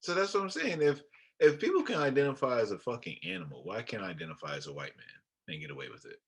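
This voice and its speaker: A man's voice: mid-range voice, big pitch swings, fast talker, slightly rough. A man co-hosting a podcast in casual chat, blunt and profane, often laughing. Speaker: podcast co-host.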